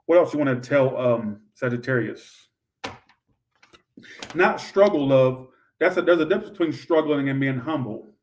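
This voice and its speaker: A man doing a live tarot reading, blunt and profane, breaking into loud outbursts now and then. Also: medium pitch, a little fast, hardly any pauses, far from the mic, slight background noise. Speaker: tarot reader.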